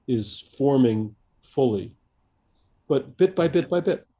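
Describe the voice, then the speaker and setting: Warm and mellow at a medium pitch, an older American man talks as an interview guest, drawing on his years as a coach. It's a conversational, reflective exchange where he often pauses with fillers and restarts what he's saying.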